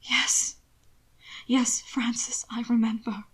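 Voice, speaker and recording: A woman's voice: a little high, level tone, slow, slightly rough, full character voice. Woman reader playing a tense young man in a storybook, fragile, trembling whisper. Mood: resigned.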